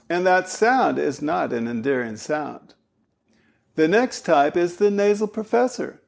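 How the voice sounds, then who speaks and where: A man giving a spoken lesson as a voice coach, animated and demonstrative. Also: on the high side, measured pace, vocal fry. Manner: animated, demonstrating vocal styles.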